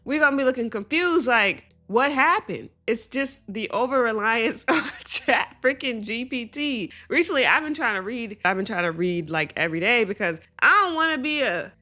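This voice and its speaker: A woman hosting a commentary video, sharing opinions in a loose, tangent-prone way and laughing as she talks. Her voice is bright and forceful. It sits slightly higher than average. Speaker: commentary channel host. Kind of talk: casual commentary rant.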